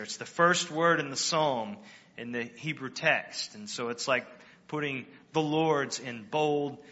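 A man's voice: medium pitch, pushed and bright, in a large hall, lo-fi sound. A male pastor preaching a sermon in a conversational way, rising with emphasis on key phrases and often restarting his sentences.

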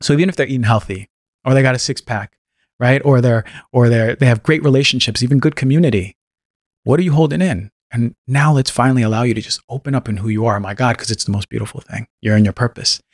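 A man appearing as a podcast guest, a health practitioner, speaks fast in a medium-pitched voice. His talk is casual yet impassioned, stressing words emphatically and acting out quoted voices, in a dry, studio-quality recording.

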